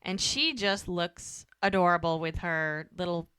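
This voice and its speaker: A woman's voice: fairly low pitch, measured pace, clean tone, no room sound, studio quality. An American woman co-hosting a podcast, chatting casually and rambling through an episode recap, quoting characters along the way. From United States. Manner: chatty, rambling, quotes characters in lively voices. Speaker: podcast co-host.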